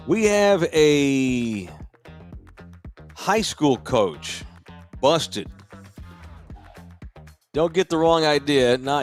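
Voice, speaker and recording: A man hosting a podcast, making crude jokes in a casual chat. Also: mid-range voice. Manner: profane, joking, wisecracking. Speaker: podcast host.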